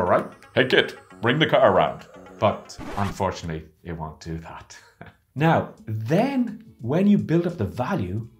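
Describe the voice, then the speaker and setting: A man coaching about business who talks casually to camera and acts out his stories with theatrical flair. His pitch swings widely as he talks. Soft music plays in the background. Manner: animated, theatrical storytelling. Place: lives in Barcelona.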